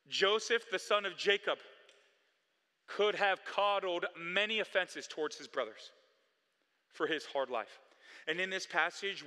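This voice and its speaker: Male pastor, sermon delivery, bright forceful tone, swings from hushed to emphatic. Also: a little high. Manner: preaching with swings between quiet, slowed passages and loud, emphatic ones. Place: church sanctuary. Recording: long hall reverb.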